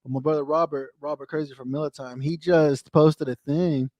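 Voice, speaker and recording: A man's voice: fairly high pitch, steady tone, moderate pace, no room sound, dull audio. An American man hosting a casual livestream, ranting with profanity and answering viewer comments in a frustrated tone. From United States. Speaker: livestream host.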